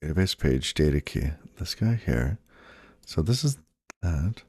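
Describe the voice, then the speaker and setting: A man with an extremely deep, low voice talks casually to himself while debugging code on a stream. He mutters and trails off, now and then chatting to his viewers. The sound is dry and close. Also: very animated, a little slow, a little mellow, husky, dry recording. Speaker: programmer live-streaming his coding.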